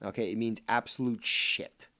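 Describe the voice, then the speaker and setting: A man hosting a casual talk show, ranting angrily with heavy profanity and mocking voices, swinging between low mutters and loud outbursts while drinking and smoking. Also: steady tone, moderate pace. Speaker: podcast host.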